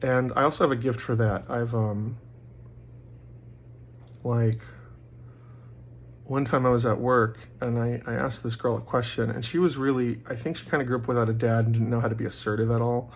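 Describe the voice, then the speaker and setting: A man in a casual monologue, rambling with many fillers and loudly acting out quoted voices. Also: medium pitch, level tone, moderate pace, vocal fry, long pauses, a little hiss or hum. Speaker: vlogger.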